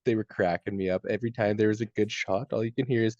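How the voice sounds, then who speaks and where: A man's voice: lowish voice, fairly even intonation, fast talker, darkish tone, highs cut off. A young Canadian man with a Canadian accent, co-hosting a podcast and telling stories in a laid-back way, dropping "dude" often. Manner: laid-back storytelling, lots of "dude" and laughter. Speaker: podcast co-host. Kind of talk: casual chat.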